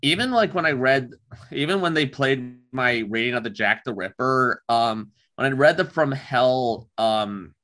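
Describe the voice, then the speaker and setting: A man chatting casually on a podcast. His voice is bright and forward, and he talks in halting bursts full of ums and restarts. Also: medium pitch, animated.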